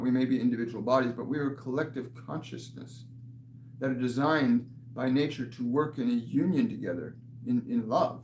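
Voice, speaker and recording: Man, spiritual medium, earnest, repeats himself, echoey room, faint hum. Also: mid-range voice. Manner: earnest, repeats and restarts phrases, laughs softly. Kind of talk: live channeled Q&A session.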